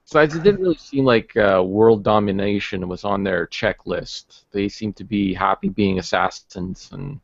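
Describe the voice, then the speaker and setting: A man making brief, hesitant, low-key remarks in a casual livestream discussion. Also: normal speed, creaky, few pauses, dry recording, lo-fi sound.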